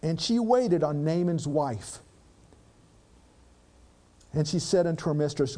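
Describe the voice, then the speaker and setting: A male preacher with a high voice that swoops up and down through his sermon. He reads old scripture aloud, then drops into plain, dramatic commentary, tossing rhetorical questions at his listeners. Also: expressive, takes it slowly, long pauses, mellow.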